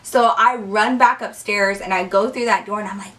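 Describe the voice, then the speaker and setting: A young woman telling a story in a casual, animated way, cursing freely and saying "like" a lot. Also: medium pitch, moderate pace, few pauses, far from the mic. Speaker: vlogger.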